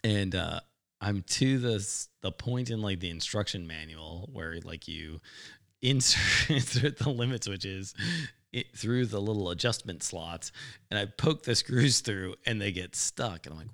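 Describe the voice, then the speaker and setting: Man, very low voice, gravelly, lively pitch, casual chat, rambling, laughs often. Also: normal speed. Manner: laughing, rambling storyteller with many fillers. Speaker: podcast co-host.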